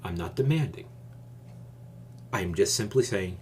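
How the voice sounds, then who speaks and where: A man hosting his own channel, giving advice in a calm, measured, deliberate casual monologue. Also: lowish voice, over loud music.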